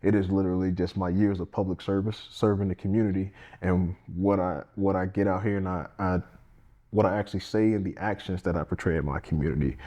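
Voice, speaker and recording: A man's voice: low-pitched, fairly even intonation, fairly quick, warm tone. A man, a candidate speaking earnestly and plainly in a casual interview, often restarting his sentences. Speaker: congressional candidate and firefighter.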